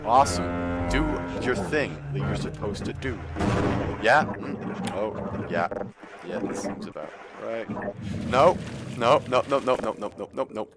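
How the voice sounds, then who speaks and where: Excitable young man over loud game music. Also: medium pitch, a little slow. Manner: excitable, jokey, talks back at the game. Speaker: gaming YouTuber. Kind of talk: let's play commentary.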